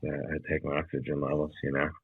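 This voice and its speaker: A comedian co-hosting a podcast over a video call from home, rambling with stammered restarts and easy laughs. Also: male voice, very deep voice, monotone, fast talker, slightly rough, no echo. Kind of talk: casual comedic chat. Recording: tinny video call line, dry.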